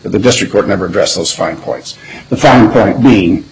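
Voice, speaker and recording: Measured man arguing before an appeals court. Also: on the low side, gravelly, poor audio. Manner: measured and deliberate, with frequent restarts. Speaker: attorney. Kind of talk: appellate oral argument.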